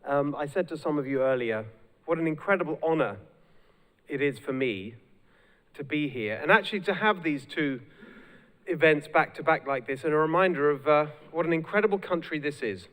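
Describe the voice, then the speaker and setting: A man with a British accent delivers a spirited speech, rallying the audience. His voice sits a little high. The sound carries a long reverb from a large hall. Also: normal speed. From United Kingdom. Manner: energetic, rallying the crowd. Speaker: guest speaker.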